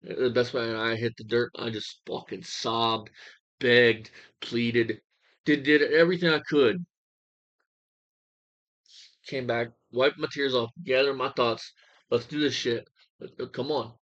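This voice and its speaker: A man's voice: medium pitch, fairly even intonation, measured pace, pauses often, fairly bright tone. A young man rants in a crude, mocking reaction commentary, swearing as he goes. His voice sits in an ordinary middle range. The sound is dull and lo-fi.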